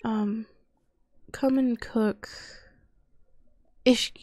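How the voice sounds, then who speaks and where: A woman's voice: a little high, fairly even intonation, very slow, darkish tone, no room sound. A young woman casually commenting on her video game as she plays, chatting to her characters and muttering to herself. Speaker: gaming youtuber. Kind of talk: casual let's-play commentary.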